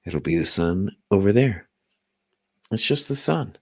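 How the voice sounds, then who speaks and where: A man's voice: fairly low pitch, expressive, measured pace, breathy edge. Profane, emphatic podcast host man. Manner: profane, emphatic, repeats his point over and over. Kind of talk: casual late-night chat.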